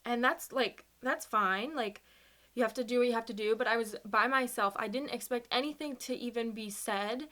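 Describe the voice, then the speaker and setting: Young woman, bright, slightly high voice; emotional storytime, halting and teary. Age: young adult. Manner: emotional, halting, many fillers and nervous laughs. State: close to tears. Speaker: vlogger. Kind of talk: personal storytime.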